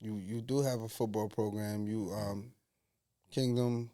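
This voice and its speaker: A man's voice: lowish voice, steady tone, unhurried, warm tone. Easygoing male podcast host. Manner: easygoing, lots of short agreeing replies, stumbling restarts. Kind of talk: casual podcast interview.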